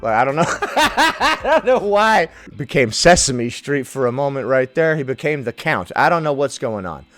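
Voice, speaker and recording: A man's voice: mid-range voice, big pitch swings, normal speed, fairly bright tone, dry recording. A man hosting a comedic reaction video, mocking and irreverent, who swears freely and laughs often.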